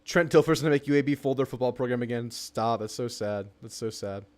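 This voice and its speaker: A young man hosts a live fan stream on college football as a sports talk host, reacting to a game and excitedly reading chat comments aloud. His voice is medium-pitched and he talks a little fast.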